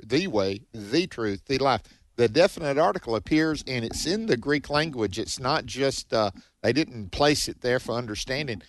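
A man's voice: mid-range voice, no room sound. Emphatic male radio Bible host. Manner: emphatic, repeats words when starting phrases.

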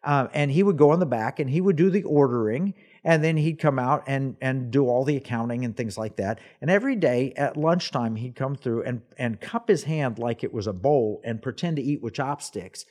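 Man, sixties, talk show host, storyteller, casual chat, middle pitch. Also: normal speed, hardly any pauses. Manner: storytelling, animated anecdotes.

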